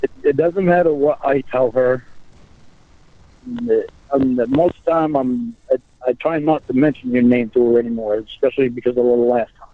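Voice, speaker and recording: A man on a phone call, talking in halting bursts and repeating his words as he restarts. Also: mid-range voice, no room sound. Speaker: caller on a recorded phone call. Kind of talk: casual phone conversation. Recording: tinny phone line.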